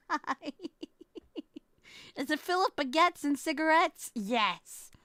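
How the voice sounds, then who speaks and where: A woman streamer chats in a playful, giggly way. Her voice is high and bright, and she talks at an unhurried pace. The sound is dry and close to the mic. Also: expressive, no echo. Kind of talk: casual live-stream chat.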